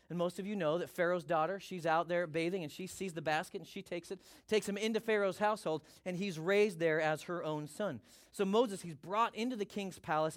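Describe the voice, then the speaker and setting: A man preaching a sermon as pastor, energetic and emphatic, repeating his key points. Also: sits high.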